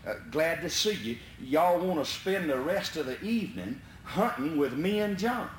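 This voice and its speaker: An easygoing, rich older landowner talks in an easy drawl, as a man voices him in a story. The pitch rides a bit high and moves a lot. The space rings with echo, and there is a faint hum underneath. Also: sing-song, moderate pace, distant mic. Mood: friendly. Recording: roomy echo, faint background noise.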